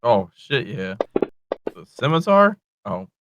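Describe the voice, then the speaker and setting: Gravelly low-voiced player man. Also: very animated, takes it slowly, dull audio, noisy background. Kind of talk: casual game chat.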